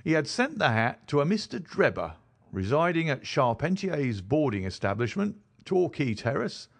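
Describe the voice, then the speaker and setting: An eager police detective , as a male narrator puts him on, tells of his inquiry with brisk self-satisfaction. The voice is lively and a little high. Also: gravelly, slightly rough, full character voice. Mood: boastful.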